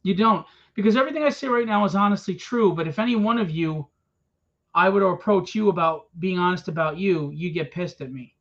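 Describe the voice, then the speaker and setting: Blunt ranting man, high voice. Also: a little fast, fairly bright tone. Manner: blunt, confrontational, swearing. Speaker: comic book publisher. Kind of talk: impassioned rant to a small crowd. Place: room at a convention event. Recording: dull lo-fi event recording.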